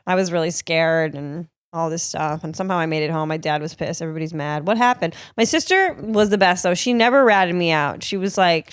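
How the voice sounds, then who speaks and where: A woman's voice: lowish voice, clear, resonant tone, dry recording. A woman from Cape Cod hosting her own podcast, telling stories in a casual, profane, laughing way into a close mic. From Cape Cod, Massachusetts. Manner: profane, laughing, animated storyteller. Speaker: podcast host and comedian. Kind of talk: casual storytelling.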